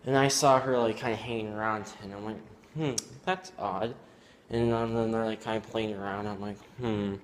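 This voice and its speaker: A teenage boy telling a personal story at home, rambling and halting with many fillers. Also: on the low side, level tone, a little hiss or hum. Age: teens. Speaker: student vlogger. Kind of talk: casual storytelling.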